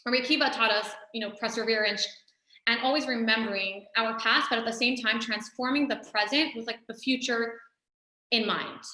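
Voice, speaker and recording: A woman's voice: fairly high pitch, steady tone, fairly quick, sharp tone. A woman teaching a religious lesson in a conversational, storytelling way, often saying "you know". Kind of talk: recorded Torah lesson. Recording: echoey room.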